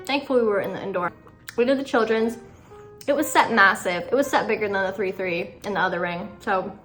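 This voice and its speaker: Teen girl vlogger, slightly high voice, chatty and dramatic, pokes fun at herself, faint music underneath. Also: sharp tone. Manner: chatty, dramatic, self-mocking, lots of fillers. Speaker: equestrian vlogger. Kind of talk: casual chat. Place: outdoors in snow at a horse show.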